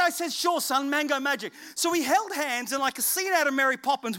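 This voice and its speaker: A middle-aged man preaching a sermon and telling a family story, acting out the voices of people in it. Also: extremely high pitch. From England. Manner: animated, acts out voices of people in his stories. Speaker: pastor.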